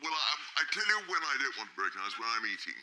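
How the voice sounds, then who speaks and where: A man's voice: mid-range voice, very animated, rapid-fire, pushed and bright, slight background noise, low-quality recording. An older man, a cricket commentator, bantering as a panel show guest in a genteel, rambling, self-mocking way.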